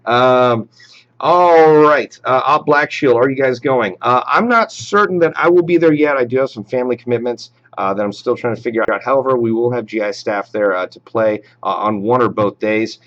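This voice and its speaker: A man's voice: mid-range voice, moderate pace, muffled recording. Chatty man hosting a live stream. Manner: reads viewer names and approves shout-outs, chatty with fillers. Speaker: live show host. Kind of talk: casual live stream chat.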